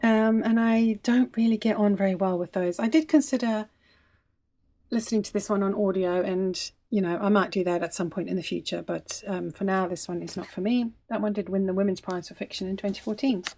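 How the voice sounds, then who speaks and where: A woman's voice: mid-range voice, fairly even intonation, fairly quick, warm tone. A woman in her fifties chatting casually to camera as a book vlogger, hesitant with frequent ums, in a small bedroom at home. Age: 50s.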